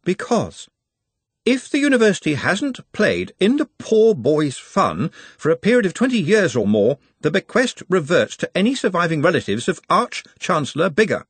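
A man's voice: sits high, wildly swooping pitch, normal speed, husky, dry recording, voice pushed up, heavily acted. A man voicing a fussy, anxious young male wizard clerk who speaks in a precise, hesitant and apologetic way.

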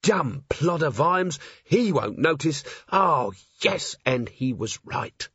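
A man playing a gruff, bitter commander of the watch who is clipped and sour, close to the reader's own voice. It is husky and dry. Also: fairly high pitch, very animated, takes it slowly, fairly bright tone, no echo, highs cut off, voice pushed up, exaggerated voice. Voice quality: bitter, curt.

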